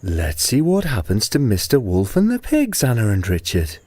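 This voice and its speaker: A woman telling a story to young children, gently and expressively, talking to her listeners. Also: extremely low pitch, huge pitch swings, moderate pace, slightly rough.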